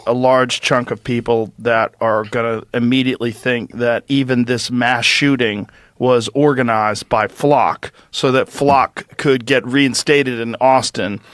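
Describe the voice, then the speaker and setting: A man with a middle-range voice talks in a measured, slightly hesitant way, as in a conversational podcast clip. The sound is dry, with little room around it. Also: medium pitch, fairly even intonation, clear, resonant tone, no echo.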